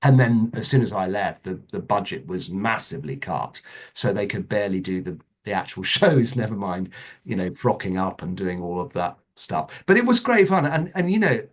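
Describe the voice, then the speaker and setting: A middle-aged man with a somewhat low voice, talking easily as a guest in a relaxed interview. He rambles through anecdotes in a chatty way, with lively asides along the way. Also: normal speed. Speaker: interview guest, former children's TV producer. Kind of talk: casual conversational interview.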